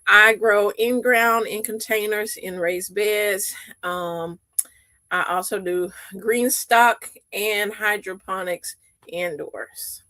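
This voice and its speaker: A woman's voice: mid-range voice, fairly even intonation, takes it slowly, sharp tone. A woman co-hosting a casual online chat, chatty and playful, often laughing. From Texas. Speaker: co-host.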